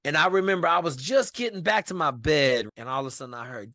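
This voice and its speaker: A man from Washington state, a podcast guest telling a story in casual, animated, profane speech. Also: fairly high pitch, quick pace, hardly any pauses, dry recording, clean studio sound.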